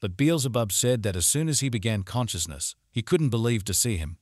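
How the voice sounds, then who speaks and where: A man's voice: medium pitch, lively intonation, brisk, no room sound, clean studio sound. A man narrating a story recap, retelling events in plain reported speech.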